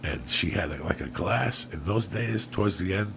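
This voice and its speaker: A man's voice: low voice, animated, moderate pace, vocal fry, noisy background. A man, a comedian and podcast host, telling a long profane story in a rambling, loose way.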